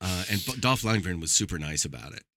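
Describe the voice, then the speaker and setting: Animated, low-voiced man telling a story. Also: fast, background noise. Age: middle-aged. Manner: animated storyteller, acts out quotes, swears. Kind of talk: casual movie commentary chat.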